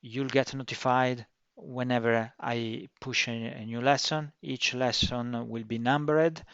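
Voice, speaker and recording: A man introducing a course as its instructor. He talks slowly and clearly, with frequent fillers and restarts. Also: medium pitch, steady tone, a bit bright, no room sound. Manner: non-native phrasing with frequent fillers and restarts; says he tries to speak slowly and clearly. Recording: dry, dull lo-fi recording.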